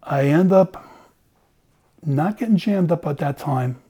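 A man's voice: on the high side, slow pace, dark tone, breathy edge. A middle-aged man, a former police officer, telling a story in casual conversation, acting out the dialogue and swearing freely.

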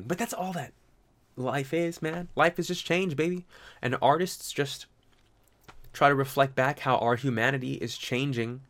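A young man with a mid-range, fairly bright voice delivers a casual, rambling monologue. Loose and profane, he swears often, leans on slang, and jumps into mocking impressions.

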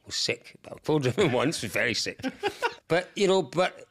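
Animated man with a gravelly voice. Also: a little high, normal speed. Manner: animated, laughing, swearing storyteller. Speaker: guest. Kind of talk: storytelling in podcast chat.

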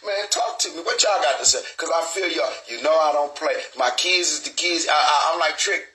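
A man's voice: fairly high pitch, fairly quick, pushed and bright, low-quality recording. A middle-aged man hosting a live online show, talking in a rambling, streetwise way and swearing freely. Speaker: show host. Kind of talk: casual live stream talk.

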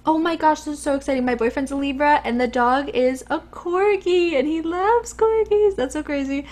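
A young woman co-hosting a podcast chats casually and enthusiastically, dropping frequent ums. Her voice is high-pitched and a little mellow, at a moderate pace.

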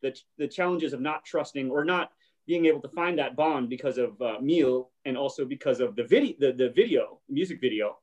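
A man recaps a show scene in casual conversation, trailing off into fillers and acting out short bits of dialogue. His voice sits at a middle pitch. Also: moderate pace, darkish tone, muffled recording. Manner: retells scenes, briefly acting out lines. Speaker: podcast host.

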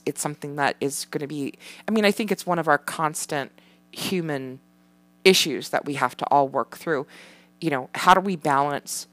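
A woman with a low voice talks through parenting advice in a loose, rambling way, full of fillers and the occasional curse. The recording is dry and close, with almost no room sound. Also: a bit bright, dry recording. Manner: rambling, frequent fillers, casual swearing. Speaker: parent sharing parenting tips. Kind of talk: casual chat.

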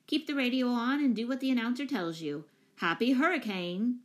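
Woman reader doing a gruff, cheerful older professor; clipped, bossy, slow and raised. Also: fairly high pitch, pitched above the performer's own voice, close to an everyday voice. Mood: brisk. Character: hearty older male professor, hurricane-savvy and jolly.

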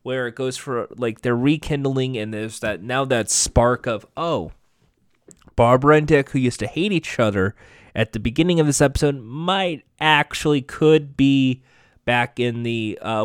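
A man's voice: medium pitch, smooth, no room sound, clean studio sound. A man giving a casual spoken recap and review of a TV episode, rambling and often correcting himself mid-sentence. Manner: rambling, self-correcting, offhand swearing.

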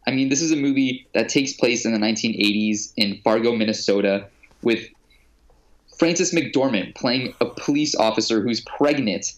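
A man's voice: mid-range voice, normal speed, muffled recording. A young man co-hosting a casual chat, talking eagerly about movies. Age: young adult. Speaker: podcast co-host.

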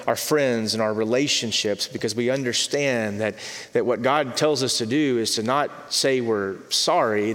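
Man preaching a sermon, earnest, stumbles and repeats words, mid pitch, big hall echo. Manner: earnest, repeats words, drops to soft emphasis. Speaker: pastor. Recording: long reverb of a large hall.

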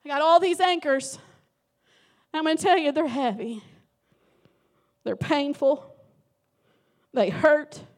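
High-voiced woman pastor preaching. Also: animated, slow, pauses often. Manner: emotional, dramatic storytelling with sudden loud emphasis. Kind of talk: sermon.

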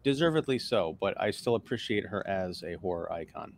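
A man guesting on a casual live-stream chat, wry and joking with quick asides. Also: low voice, animated, creaky, a little hiss or hum. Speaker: guest film critic.

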